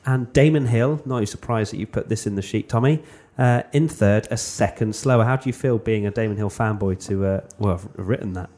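A man's voice: on the low side, brisk, few pauses, darkish tone. A man hosting a podcast, teasing his co-hosts in a playful, bouncy way. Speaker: podcast host. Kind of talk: casual podcast chat.

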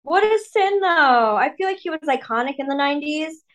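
High-voiced joking woman co-host. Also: brisk. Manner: expressive, joking, melodramatic. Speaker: podcast co-host. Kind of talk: casual chat.

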